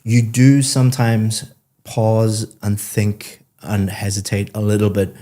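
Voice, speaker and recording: A man's voice: on the low side, flat delivery, slow pace, dark tone. A man working as an English exam teacher, giving a student patient, explanatory spoken feedback and acting out short example phrases. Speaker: IELTS teacher and examiner.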